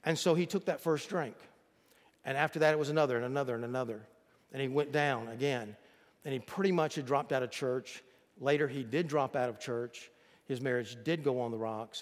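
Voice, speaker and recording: A man's voice: on the high side, long reverb tail. A pastor delivering a sermon to his congregation, reading scripture aloud and calling on them to repeat words back. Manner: preaching, reads scripture aloud and leads the congregation in call-and-response. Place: church sanctuary.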